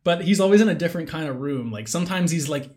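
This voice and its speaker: A man co-hosting a podcast in casual chat, animated and laughing often, with a casual curse now and then. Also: fairly high pitch, quick pace. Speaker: podcast co-host.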